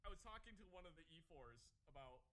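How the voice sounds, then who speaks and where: A man's voice: a little high, lively intonation, fast talker, bright, forceful tone, low-quality recording. A man, a former army small arms repairman, rambling through wry anecdotes in a casual chat and acting out the quotes.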